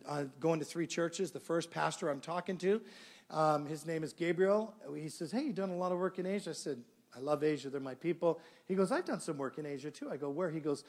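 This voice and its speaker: A middle-aged male pastor preaching a sermon, telling a story and acting out the dialogue. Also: on the high side. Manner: animated storyteller, acts out dialogue.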